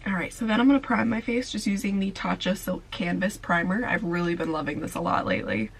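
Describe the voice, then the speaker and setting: Young female beauty vlogger, sleepy, gravelly low voice, chatty filler-heavy delivery. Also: expressive, quick pace, low-quality recording. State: sleepy, tired voice. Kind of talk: casual makeup tutorial.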